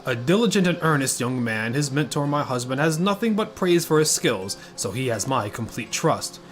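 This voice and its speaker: Man reading as a courteous married woman detective, measured delivery, mid pitch, game music behind. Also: lively intonation, close to an everyday voice. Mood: calm. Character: polite married woman investigator, composed. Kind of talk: reading game dialogue aloud.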